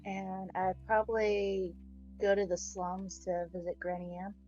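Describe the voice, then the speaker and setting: A woman's voice: mid-range voice, flat delivery, unhurried, dark tone, lo-fi sound, faint music behind. A woman playing in a tabletop role-play game who talks in a hesitant way, full of "like" and restarts. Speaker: player.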